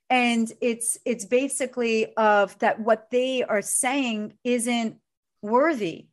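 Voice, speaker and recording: Her voice on the high side and her pace slow, a middle-aged coach opens up in an emotional interview. She speaks about her work and family with earnest, heartfelt conviction.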